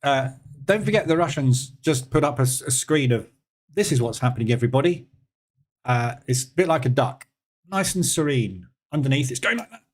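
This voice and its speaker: A man with a British accent hosting a live trading room, chatting casually and sarcastically while answering viewer comments. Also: medium pitch. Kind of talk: casual live-stream chat.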